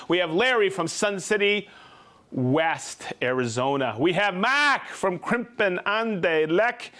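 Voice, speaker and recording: A man with a high, fairly bright voice hosts a live tool show, demonstrating gear and shouting out viewers' names and hometowns. He's chatty and informal, with restarts and asides.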